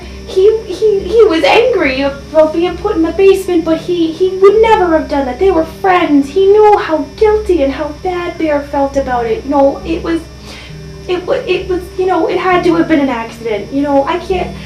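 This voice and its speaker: A woman playing a grieving friend in a mock documentary, halting and tearful with many fillers, recorded in an echoey room from a distance with faint music behind. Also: very high-pitched, a little mellow.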